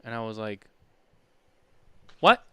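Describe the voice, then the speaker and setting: Smooth-voiced man telling a rambling story. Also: lowish voice, very animated, takes it slowly, sharp tone, dry recording. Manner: rambling storyteller with many restarts. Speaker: podcast co-host. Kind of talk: casual chat.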